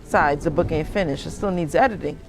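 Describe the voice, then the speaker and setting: A woman voicing a gruff, dismissive middle-aged husband who is a gambling novelist, pitched low and curt. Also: quick pace, faint music behind. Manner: dismissive, brushing off his wife.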